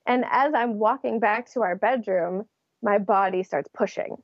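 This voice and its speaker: A woman's voice: medium pitch, moderate pace, no room sound, lo-fi sound. A young adult woman, an interview guest, telling her story in a casual way and laughing often. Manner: laughs often while recounting.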